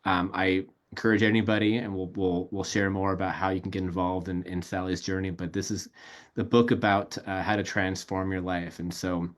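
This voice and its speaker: A man's voice: low voice, little pitch movement, a little fast. Rambling man hosting an interview. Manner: rambling, filler-heavy, many restarts. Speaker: podcast host. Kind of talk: casual interview chat.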